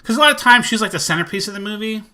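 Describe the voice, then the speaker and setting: A man chatting casually in a collection vlog, rambling and excitable, full of fillers. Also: high-pitched, very fast. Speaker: movie collector vlogger.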